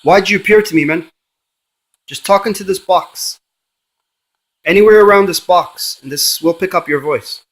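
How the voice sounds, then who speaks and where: Guy doing a spirit box session, keeps calling the ghost by name, coaxing, slightly high voice. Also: normal speed, fairly bright tone, breathy edge, low-quality recording. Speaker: paranormal investigator.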